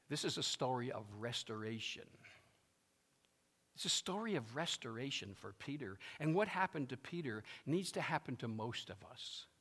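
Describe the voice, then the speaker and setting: A man's voice: medium pitch, fairly bright tone. A male pastor preaching a sermon, emphatic and fond of repeating his phrases, with a long reverb from a large hall.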